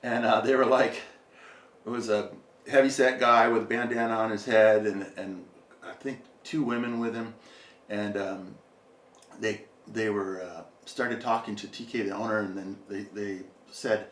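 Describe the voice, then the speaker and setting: A man's voice: lowish voice, steady tone, normal speed, a bit bright, distant mic. Roomy off-mic man telling a story. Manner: rambling, filler-heavy, laughs often. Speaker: podcast guest. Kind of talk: casual storytelling.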